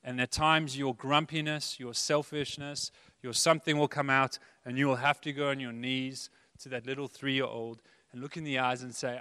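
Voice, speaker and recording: Bright-voiced preaching man, hall reverb. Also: mid-range voice, flat delivery, normal speed, hardly any pauses, clean tone. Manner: earnest, conversational preaching with playful asides. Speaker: pastor. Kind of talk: sermon.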